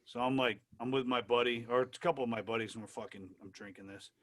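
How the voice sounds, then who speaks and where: A man as an interview guest, telling animated, profane anecdotes in casual talk. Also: medium pitch, fast talker, dry recording. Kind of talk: casual storytelling.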